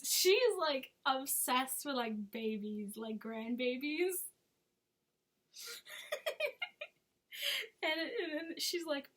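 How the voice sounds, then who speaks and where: A woman's voice: sits high, lively intonation, moderate pace, fairly bright tone. A woman chatting casually as a movie reviewer, with frequent giggles and sarcastic asides. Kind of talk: casual chat.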